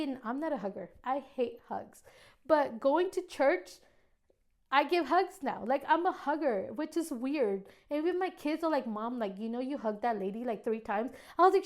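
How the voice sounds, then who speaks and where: A woman's voice: a little high, a little mellow. A woman in her thirties giving a casual personal testimony, chatty and full of fillers, acting out quoted dialogue. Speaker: testimony guest.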